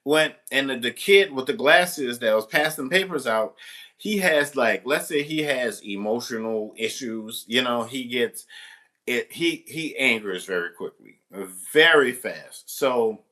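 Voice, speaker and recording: A man's voice: medium pitch, expressive, unhurried, bright, forceful tone. A man working as a substitute teacher tells a story casually to the camera, rambling, restarting, and swearing freely.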